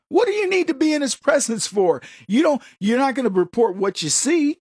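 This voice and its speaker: A man's voice: very high-pitched, animated, fairly quick, hardly any pauses, a little mellow, breathy edge, no room sound, studio quality. A man hosting a political talk show, delivering a combative, sarcastic monologue and mocking the people he quotes. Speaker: political commentary host.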